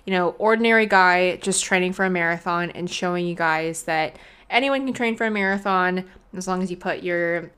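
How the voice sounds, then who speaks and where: A woman's voice: on the low side, normal speed, a bit bright, clean tone. Chatty young woman podcast host. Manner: chatty, many "like" fillers. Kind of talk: casual podcast chat.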